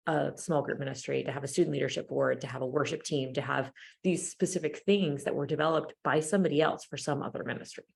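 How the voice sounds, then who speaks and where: A woman on a podcast panel, talking in an animated, direct and opinionated way. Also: sits low, vocal fry. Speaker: youth ministry panelist. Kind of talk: casual podcast chat.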